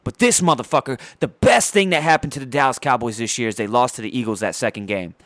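A man's voice: medium pitch, expressive, fast, a bit bright, dry recording, studio quality. A man at home by his TV, delivering a heated, profane and sarcastic rant about his sports team. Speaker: sports fan ranting on his channel.

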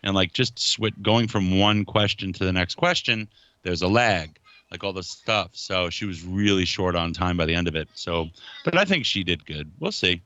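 A man hosts a relaxed podcast chat, talking in long, rambling runs that get animated. His voice sits a little low but sounds bright and forward. The sound is close and dry, with a slightly dull, muffled edge. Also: normal speed, dry recording. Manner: rambling, animated, yells to family off-mic. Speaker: podcast host. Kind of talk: casual chat.

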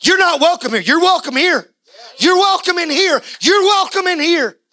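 Man, pastor, sermon, impassioned, tense bright tone. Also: extremely high pitch, expressive, moderate pace, no echo, rough recording. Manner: impassioned preaching, swinging between quiet and shouting.

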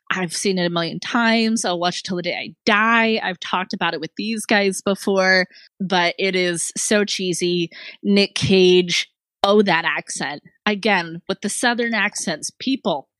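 A female podcast co-host talking about her favorite guilty-pleasure movie in an animated, teasing way. Her voice sits at a middle pitch. The recording is close and dry, with no room sound. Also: a little slow, no room sound. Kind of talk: casual movie-review chat.

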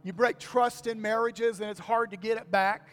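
Older man, pastor, very high voice, folksy sermon, repeats lines, long church-hall reverb, faint music behind. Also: fairly even intonation, moderate pace, a bit bright. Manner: folksy, repeats key phrases, asks the congregation for amens.

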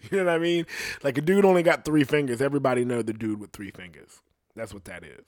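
A man's voice: medium pitch, darkish tone, no echo, clean studio sound. Profane, rambling male storyteller. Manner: crude, profane, rambling with laughs. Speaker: podcast storyteller. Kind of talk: casual storytelling.

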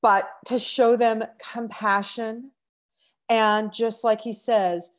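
A woman's voice: fairly high pitch, little pitch movement. A middle-aged woman hosting an inspirational podcast, talking earnestly and with emotion, with sighs and restarts. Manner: slow, earnest, emotional, breaks off to sigh. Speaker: podcast host.

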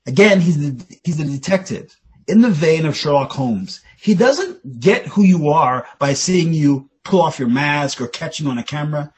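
A man's voice: on the high side, normal speed, slightly rough. A middle-aged man in casual podcast chat, explaining with a fan's enthusiasm. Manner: enthusiastic fan, explaining with rising excitement.

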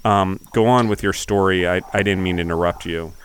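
A man's voice: deep voice, fairly even intonation, a little fast, clean tone. A man hosting a podcast interview, talking in a reflective, encouraging way. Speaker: podcast host. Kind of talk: casual interview chat.

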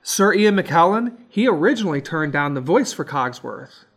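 A man co-hosting a casual film review chat, relaxed and rambling with lots of fillers. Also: a little high, normal speed, soft background music. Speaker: podcast co-host.

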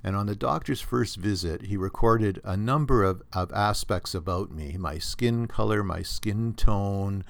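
A man's voice: lowish voice, measured pace, gravelly, few pauses, no room sound. A Canadian man hosting a solo podcast, rambling and opinionated, with many restarts, recorded on a computer at home. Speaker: podcast host. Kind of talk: casual solo podcast monologue. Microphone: computer recording setup.

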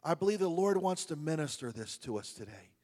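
A man's voice: on the high side, big pitch swings, a little fast, warm tone, big-room sound. Man with a New York accent preaching. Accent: New Jersey and New York. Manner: chatty storytelling with asides to the congregation, many restarts. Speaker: pastor. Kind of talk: sermon.

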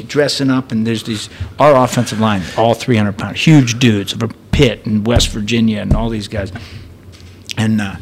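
A man's voice: medium pitch, slight background noise. A man in his thirties telling a story in casual chat, chatty, often laughing and restarting his sentences. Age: 30s.

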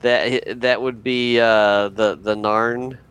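A man co-hosting a podcast in casual chat, easygoing and quick to laugh. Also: medium pitch, fairly even intonation, a bit bright, smooth. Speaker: podcast co-host.

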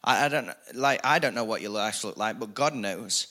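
A man preaching a sermon as pastor, energetic and repetitive, building emphasis with casual asides. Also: lowish voice, normal speed.

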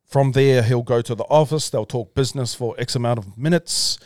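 A man's voice: medium pitch, brisk, a little mellow, no room sound, clean studio sound. Casual swearing man telling a story. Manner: loose, swearing, says "bro", talks in restarts. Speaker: podcast guest, artist.

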